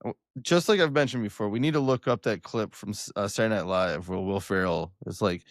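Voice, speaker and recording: A young man hosting a podcast, joking loudly with a flat announcer-like delivery. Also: lowish voice, brisk, dry recording, studio quality. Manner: loud, joking, self-described monotone announcer delivery. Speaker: podcast host. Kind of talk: casual podcast chat.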